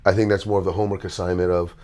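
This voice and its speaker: A middle-aged man hosting a casual interview, speaking in a calm, measured way. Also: deep voice. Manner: calm, measured, even-tempered. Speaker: host and basketball trainer.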